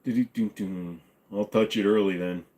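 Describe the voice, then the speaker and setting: A man's voice: lowish voice, a little fast, a bit bright. Rambling, joking man in his forties. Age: 40s. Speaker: livestream host. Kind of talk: casual livestream Q&A. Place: apartment bedroom-living room.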